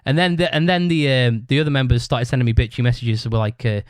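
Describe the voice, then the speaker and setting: A man's voice: mid-range voice, fast talker, few pauses, smooth, dry recording, clean studio sound. A man hosting his own podcast, telling a long story in a blunt, rambling way with a lot of swearing. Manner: blunt, heavily profane, rambling with restarts. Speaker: podcast host. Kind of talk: casual storytelling monologue.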